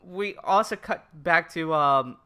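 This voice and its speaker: Bright, playful man podcaster. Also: on the high side, smooth. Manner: playful, laughs, quick filler-laden asides. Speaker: podcast co-host. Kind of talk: casual chat recapping anime.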